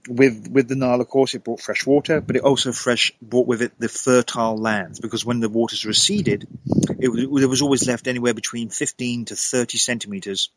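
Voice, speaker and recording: A man's voice: mid-range voice, fairly even intonation, brisk, a little hiss or hum, rough recording. A man, a guest in a conversation, telling a long story with animation, often laughing and repeating words.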